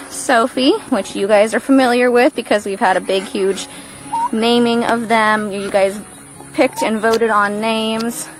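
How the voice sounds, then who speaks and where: A fairly high-voiced woman walks through her farm, chatting easily about her animals as she goes. She talks outdoors, and clear music plays underneath her voice. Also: rough recording. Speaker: farm vlogger. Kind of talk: casual farm tour.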